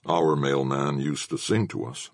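A man voicing a huge bearded man recalling his childhood in a hushed, awed tone. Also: extremely low pitch, steady tone, measured pace, no echo, clean studio sound, exaggerated voice.

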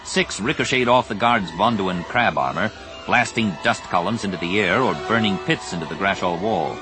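A man narrating an audiobook in an expressive, measured storytelling voice, with music underneath. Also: fairly low pitch. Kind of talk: scripted narration.

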